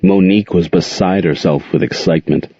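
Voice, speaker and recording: A man reading a story aloud as narrator, in a steady, unhurried way. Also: deep voice, creaky, slightly rough, no room sound. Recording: dull lo-fi dry recording.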